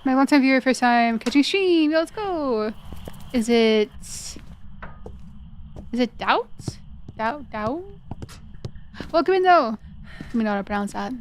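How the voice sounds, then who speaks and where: A woman live-streaming a video game, chatting with viewers and explaining mechanics, her voice cracking and going hoarse. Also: sits high, lively intonation, moderate pace, a little hiss or hum. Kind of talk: live gaming commentary.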